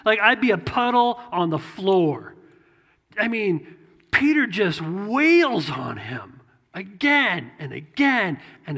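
A man's voice: high-pitched, fairly bright tone, in a large hall. A man preaching a sermon as a pastor, talking conversationally and repeating phrases for emphasis. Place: church sanctuary.

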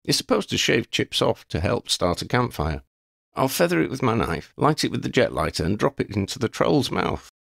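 A man's voice: mid-range voice, big pitch swings, normal speed, vocal fry, fairly bright tone, dry recording, studio quality, voice pushed up, heavily acted. A man voicing a resourceful young man who explains his plan with eager confidence. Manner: eager, triumphant.

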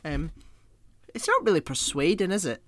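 A man's voice: sits high, wildly swooping pitch, normal speed, fairly bright tone, a little hiss or hum. A man co-hosting a podcast in casual chat, giggling a lot, swearing offhandedly and restarting his sentences. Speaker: podcast co-host.

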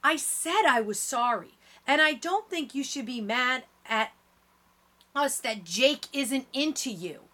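A woman voicing a brash, angry junior-high girl. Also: animated, slow, full character voice. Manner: shouting, sharp retorts.

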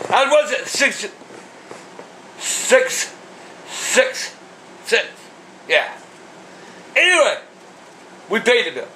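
An older man, yelling and cursing on an angry phone call. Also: very high-pitched, very animated, drawn-out words, pauses often, slight background noise. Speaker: grandfather.

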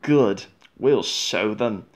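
A man voicing an eager young male steam engine, who speaks brightly. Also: fairly low pitch, drawn-out words.

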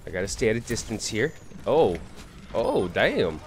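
A man's voice: lowish voice, huge pitch swings, moderate pace, a little hiss or hum. A tired man streaming a game live, muttering and complaining to himself as he plays. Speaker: gaming streamer. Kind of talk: live gameplay commentary.

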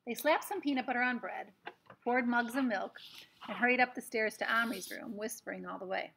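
Woman storyteller reading a children's novel, gravelly timbre, friendly asides to kids. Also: fairly high pitch, brisk, fairly bright tone, slight background noise. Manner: chatty asides to young listeners.

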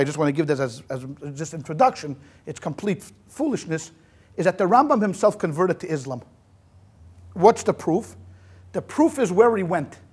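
Man, rabbi, history lecture, high voice, animated storytelling, Yiddish words. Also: breathy edge. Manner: animated storyteller acting out quotes, many restarts. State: sweating in a hot room.

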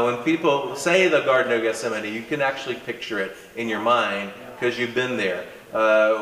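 Male lecturer, animated conversational delivery, mid-pitched, recorded in a reverberant room. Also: far from the mic. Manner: animated, conversational teaching with asides and emphasis. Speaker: Bible teacher. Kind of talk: classroom lecture.

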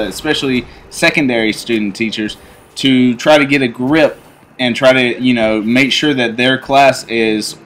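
A man's voice: medium pitch, a little hiss or hum. Rambling young man telling a story. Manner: rambling, animated, many fillers and restarts. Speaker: YouTuber telling stories. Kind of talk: casual storytelling over gameplay.

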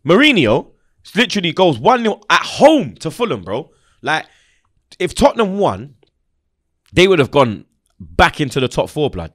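A man's voice: a little high, normal speed, no room sound, clean studio sound. A young man hosting a heated, slangy football chat and making his points with emphasis. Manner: animated, emphatic, street slang. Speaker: football fan show host.

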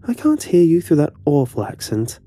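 Man putting on a teenage girl bully, high sneering voice, falsely sweet, menacing, horror audiobook. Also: wildly swooping pitch, normal speed, dark tone, soft background music.

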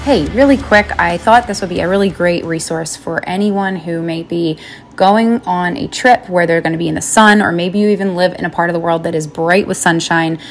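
A woman's voice: on the low side, normal speed, faint music behind. A woman hosting a podcast, talking to listeners in a chatty, earnest and encouraging way. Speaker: podcast host. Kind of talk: podcast monologue.

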